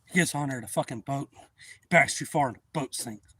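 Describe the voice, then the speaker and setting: A man hosting a livestream outdoors, telling a story to his chat in a loose, profane, animated way. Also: mid-range voice, moderate pace, breathy edge. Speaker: livestream host. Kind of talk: casual storytelling to live chat.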